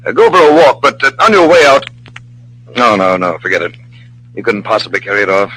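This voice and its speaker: Wise magician, measured and coaxing, bright tone, 1940s radio style. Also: male voice, lowish voice, husky, low-quality recording. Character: calm wise male magician detective.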